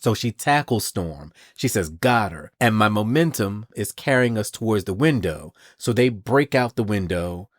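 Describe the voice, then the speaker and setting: Low-voiced man recapping comics. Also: lively intonation, normal speed, hardly any pauses. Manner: chatty storytelling, retells scenes with "and she goes". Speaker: podcast host. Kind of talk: casual comic-book recap.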